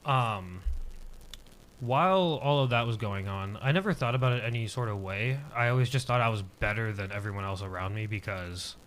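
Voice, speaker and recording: A man's voice: on the low side, moderate pace, a bit bright. A man in his twenties, a podcast guest, telling a personal story casually and hesitantly, with many filler words.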